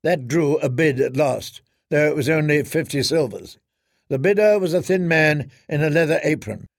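A man reading a fantasy audiobook in a measured, dramatic narration. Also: a little high, expressive, dry recording, clean studio sound.

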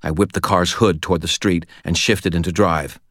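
Brief: low-pitched male narrator for a first-person action novel, steady and measured, bone-dry studio sound. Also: no echo. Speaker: audiobook narrator.

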